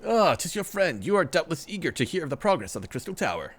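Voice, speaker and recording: A man's voice: on the high side, sing-song, quick pace, slightly rough, pitched above the performer's own voice, exaggerated voice. A man reading aloud as a formal, worried older male scholar, with archaic phrasing and occasional stumbles. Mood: earnest.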